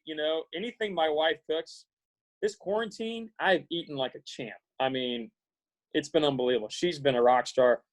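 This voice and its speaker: A man in his forties from Iowa, giving an earnest, halting pep talk to students on a video call, with many fillers and restarts. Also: on the high side, poor audio. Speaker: guest speaker.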